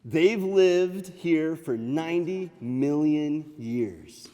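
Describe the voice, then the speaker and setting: Playful guy telling a kids story, high swoopy voice, echoey library room. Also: drawn-out words. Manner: animated, playful, sound effects. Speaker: nature museum storyteller. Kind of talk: storytelling to children. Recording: echoey hall.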